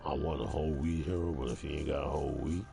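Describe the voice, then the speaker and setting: Low gravelly New guy ranting. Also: fairly even intonation, fast talker, music in the background. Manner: streetwise, emphatic, repeats "bro". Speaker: vlogger. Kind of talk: casual rant to camera.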